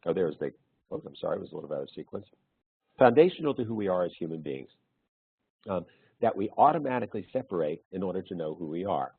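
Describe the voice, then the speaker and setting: A man's voice: low-pitched, expressive, quick pace, creaky, slightly rough, no room sound. A man presenting a webinar as an author, telling anecdotes in a conversational way over a video call. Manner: anecdotal, storytelling. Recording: narrow phone-like webinar audio.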